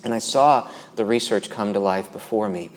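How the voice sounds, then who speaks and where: A man's voice: fairly low pitch, moderate pace. A man giving a conference talk on abuse and faith, earnestly retelling what survivors he interviewed told him. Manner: earnest, quotes people he interviewed. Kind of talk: conference talk with retold stories. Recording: long hall reverb.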